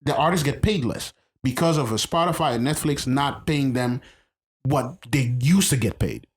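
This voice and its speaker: In a casual podcast conversation, a man with a medium-pitched voice co-hosts at a moderate speed. He speaks with emphasis, says things more than once, and keeps restarting his sentences.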